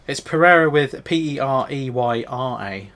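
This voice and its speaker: A man's voice: medium pitch, expressive, normal speed, a bit bright. A man hosting a casual podcast, reading reviews aloud with joking asides and frequent laughs. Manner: laughs often, reads reviews aloud with mock commentary. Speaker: podcast host.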